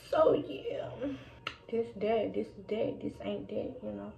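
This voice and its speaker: A woman's voice: mid-range voice, lively intonation, slow pace, creaky. A young woman vlogging casually while doing her makeup, talking to her viewers and sometimes dropping to a whisper. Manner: chatty, addresses viewers as y'all, drops into whispers. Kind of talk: casual get-ready-with-me chat. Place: indoors at home doing makeup. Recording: echoey room, dull lo-fi sound, faint noise.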